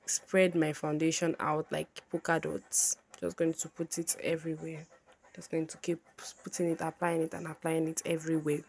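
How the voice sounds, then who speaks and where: Bubbly, low-voiced woman teaching makeup. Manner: chatty, bubbly, repeats herself often. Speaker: makeup tutorial host. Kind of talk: casual makeup tutorial talk.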